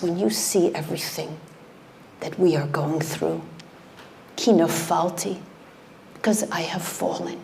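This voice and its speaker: A middle-aged woman delivers a heartfelt sermon, unhurried and deliberate. Her low voice carries a gravelly edge, and she often sinks into a near whisper to drive a point home. A faint hiss sits under the recording. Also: fairly even intonation. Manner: impassioned, dropping to hushed whispers for emphasis. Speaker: speaker at a community event.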